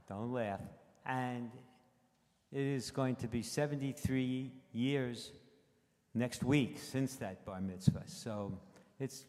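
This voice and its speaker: A man's voice: medium pitch, a little mellow. Older man speaking in a reverberant sanctuary. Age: 80s. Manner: plain, halting, conversational delivery. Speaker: congregant reporting on a trip. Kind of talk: personal storytelling address. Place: synagogue sanctuary. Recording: long reverb of a large sanctuary.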